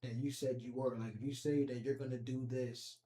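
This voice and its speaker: A man's voice: mid-range voice, level tone, a little fast, mellow. A man hosting a casual chat, asking probing questions and rephrasing them. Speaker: podcast host. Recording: echoey room with faint noise.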